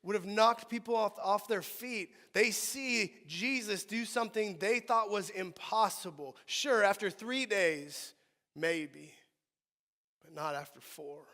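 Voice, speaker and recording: Brief: male pastor, high voice, animated sermon, echoing sanctuary. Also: takes it slowly. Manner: animated preaching, swinging from soft to loud. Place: church sanctuary.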